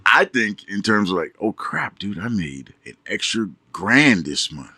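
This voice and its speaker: Animated stammering male podcast host. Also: fairly low pitch, measured pace, no room sound, studio quality. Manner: animated storyteller, stammering restarts, frequent laughs. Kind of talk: casual podcast chat.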